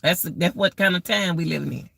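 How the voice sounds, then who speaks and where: A woman's voice: on the low side, brisk, creaky, a bit bright, no room sound. A middle-aged woman hosting a casual live-stream rant, exclaiming and repeating herself as she talks straight to her viewers.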